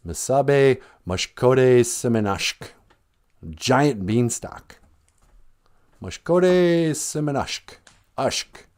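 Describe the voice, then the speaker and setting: A male podcast host narrating a folk tale off the cuff on a livestream. His delivery is folksy and full of jokes, and his pitch moves around a lot as he tells it. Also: darkish tone. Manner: jokey, laughs often, folksy. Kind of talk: casual livestream storytelling.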